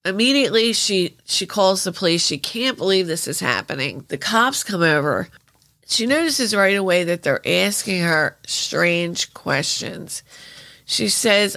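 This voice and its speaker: A middle-aged woman retells a true crime case in a chatty way, often breaking off for emotional asides. Her voice is bright with a gravelly edge. The recording is dry and close. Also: medium pitch, lively intonation, measured pace, dry recording.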